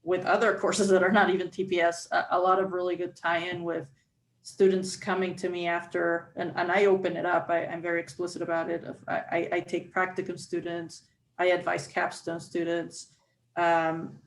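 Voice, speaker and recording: A woman on a university panel talks about her teaching in a low, even voice with little rise and fall. She restarts her sentences often and fills pauses with "uh". A faint noise sits under the recording. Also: poor audio. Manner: explains with frequent restarts and fillers. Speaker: faculty member. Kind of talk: panel discussion.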